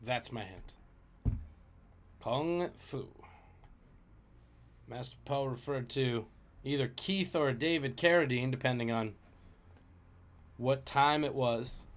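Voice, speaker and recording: A man's voice: medium pitch, fairly bright tone. A man hosting a live-streamed trivia game, joking and chatting with viewers between questions.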